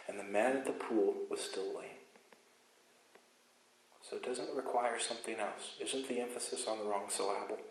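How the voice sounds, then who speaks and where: A man preaching a sermon as pastor, emphatic, moving between loud insistence and quiet asides. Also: fairly low pitch, echoey room, slight background noise, low-quality recording. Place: church sanctuary.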